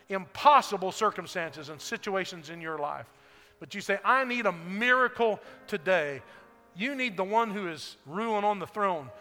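A man pastor preaching a sermon to a congregation, building to loud shouted lines and then dropping his voice. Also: sits high. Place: church sanctuary. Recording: echoey hall.

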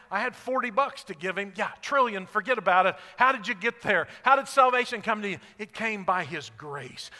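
A man preaching a sermon as pastor, rising to emphatic peaks and dropping to quiet asides. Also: high-pitched, long reverb tail.

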